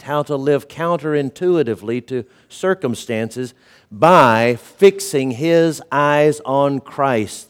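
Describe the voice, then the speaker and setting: A man preaching to his congregation in an earnest, storytelling way. His voice sits at an ordinary middle pitch and often sinks low and soft for emphasis. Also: clean tone. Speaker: pastor. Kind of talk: sermon.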